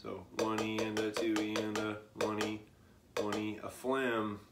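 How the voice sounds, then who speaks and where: Slow, low-voiced man teaching drums. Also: over loud music. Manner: slow, relaxed, counts aloud while demonstrating. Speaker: drum teacher. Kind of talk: casual instructional demo. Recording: echoey room with loud kitchen clatter.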